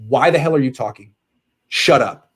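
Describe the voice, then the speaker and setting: A male sports podcast host in casual chat, ranting in an animated, exasperated way. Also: mid-range voice, moderate pace, husky.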